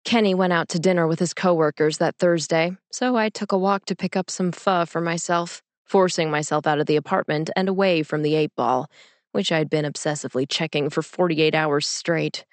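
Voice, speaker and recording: A young woman with a low voice narrates a personal story in a calm, measured, inward-looking way. The recording is close and dry, with no room sound. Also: no room sound. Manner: calm, measured, introspective reading. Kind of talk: audiobook reading of a personal story.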